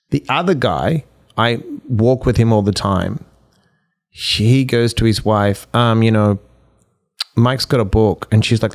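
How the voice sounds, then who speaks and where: A man with a lowish voice speaks a little slowly. A life coach appearing as a podcast guest, he tells stories animatedly in conversation, acting out both sides of each exchange.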